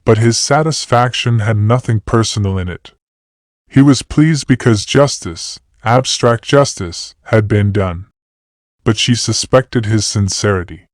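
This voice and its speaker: A man narrating a classic novel as a calm, measured sleep audiobook. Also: fairly low pitch, no room sound, studio quality. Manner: steady, measured reading.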